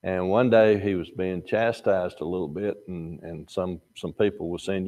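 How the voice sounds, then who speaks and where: A man's voice: low voice, fairly even intonation, moderate pace, few pauses, mellow. An older man teaching a Sunday morning Bible class in a folksy, conversational way. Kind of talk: Sunday school lesson.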